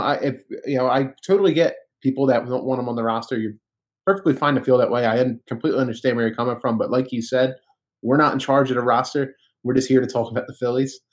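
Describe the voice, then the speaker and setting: A man co-hosting a casual sports podcast, talking in an opinionated, conversational way with frequent fillers. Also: mid-range voice. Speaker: podcast co-host.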